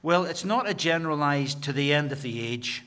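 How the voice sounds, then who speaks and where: A man preaching a sermon, slowing down and stressing key phrases, sometimes repeating words. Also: a little high, animated, sharp tone, clear, resonant tone.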